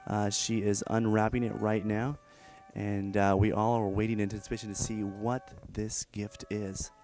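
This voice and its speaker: A man doing mock broadcast commentary as an event reporter, speaking in a deadpan, mock-formal announcer tone. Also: lowish voice, normal speed, faint music behind.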